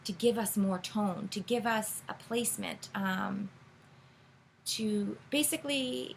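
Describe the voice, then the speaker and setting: A woman tarot reader talks beginners through the basics in a relaxed, meandering way. She pauses on fillers and corrects herself as she goes. Her voice sits at a middle pitch, with a faint noise under the recording. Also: low-quality recording. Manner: rambling, filler-heavy, self-correcting. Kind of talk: casual teaching monologue.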